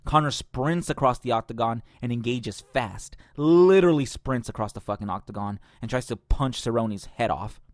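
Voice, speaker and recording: A man's voice: medium pitch, normal speed, hardly any pauses, no room sound. A man hosting a podcast, ranting casually and profanely with strong opinions. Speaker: podcast host.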